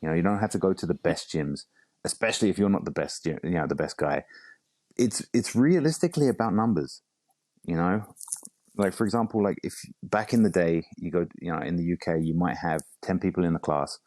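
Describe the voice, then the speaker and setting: A man's voice: sits low, a little fast, darkish tone, no room sound. A man from England with a London accent, a fighter and coach chatting casually in an interview, rambling and peppering his talk with "you know" and "bro". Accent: London English. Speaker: bare knuckle fighter and coach.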